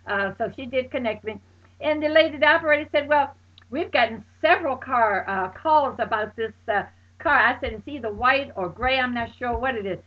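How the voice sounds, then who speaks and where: A high-voiced woman, retelling an anecdote with lively, dramatic exclamations. She voices the other people in the story herself. The recording is dull and lo-fi. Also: normal speed. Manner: exclaims loudly, acts out friends' voices. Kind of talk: animated personal anecdote.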